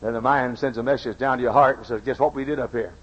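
A man preaching a sermon, telling stories and acting out the voices in them, going from quiet to shouting. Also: medium pitch, steady tone, quick pace, breathy edge. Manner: dramatic, acts out voices, swings from soft to shouting. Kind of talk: sermon with storytelling. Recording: dull lo-fi recording.

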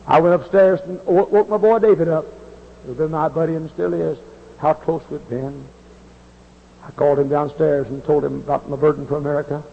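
Raspy, hollering revival preacher man. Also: a little high, steady tone, brisk, long reverb tail. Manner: hollering, impassioned storytelling. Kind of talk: revival sermon. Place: before a large congregation. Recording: muffled lo-fi recording.

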